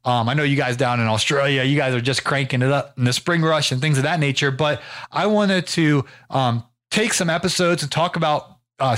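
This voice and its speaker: A man from the US, hosting his own show, narrates a story in a casual, meandering manner with plenty of fillers and restarts. His voice sits in the mid-range and sounds a bit bright.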